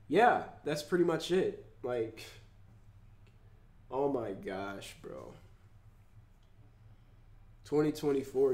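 A man vlogging in an emotional rant, congested and upset, swearing and swinging between loud outbursts and low mumbles. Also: roomy sound. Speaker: YouTuber.

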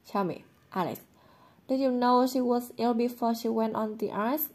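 A woman's voice: a little high, moderate pace, darkish tone, voice pushed up, lightly acted. A woman reading the lines of a stern, angry father in an audiobook, speaking curtly and harshly. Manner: curt, harsh.

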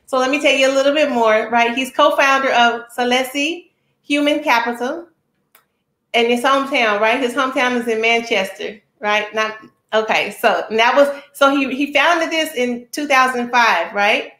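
A woman hosting a talk show, giving an energetic, chatty introduction and often asking her listeners "right?". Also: fairly high pitch, normal speed, echoey room. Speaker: show host.

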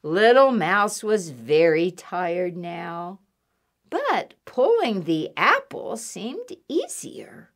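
A woman's voice: lowish voice, very slow. A woman, a children's librarian, reading a picture book aloud and asking the children questions as she goes. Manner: animated, asks kids questions. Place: public library.

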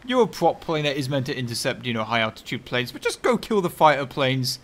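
A man giving chatty, sarcastic gameplay commentary, muttering one moment and bursting out loudly the next. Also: mid-range voice, sing-song, fairly quick. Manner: chatty and sarcastic, swinging from mutters to loud outbursts, heavy slang. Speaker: video game commentator.

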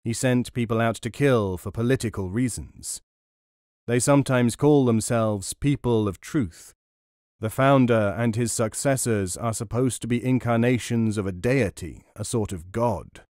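A man's voice: mid-range voice, a little slow, darkish tone, no room sound, studio quality, natural voice. A man voicing a courteous, confident adult male leader of a band of men in an audiobook. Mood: informative.

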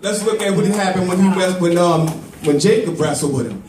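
A man's voice: high-pitched, brisk, a crowd in the background. A man preaching a sermon to a congregation, telling a story and drawing call-and-response. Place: church with congregation. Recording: echoey church from far off with congregation.

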